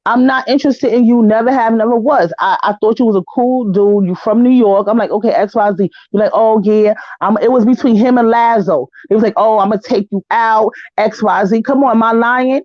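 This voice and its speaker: A woman speaking in a heated, casual panel talk from her living room, blunt and profane, telling stories with animated quoting. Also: fairly high pitch, brisk, few pauses, no echo, highs cut off. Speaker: panel guest. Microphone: home setup, living room.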